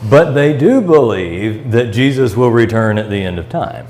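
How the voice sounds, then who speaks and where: This is a Midwestern American man teaching Bible study in a church classroom, reading passages out and unpacking them with fillers and restarts. He sounds animated, with a mid-range, darkish voice at normal speed. Slight background noise and poor audio mar the clip.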